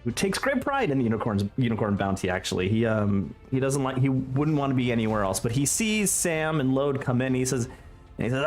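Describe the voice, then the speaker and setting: A man's voice: medium pitch, big pitch swings, fairly quick, soft background music. A man narrating as game master of a tabletop game, rambling with many fillers and restarts.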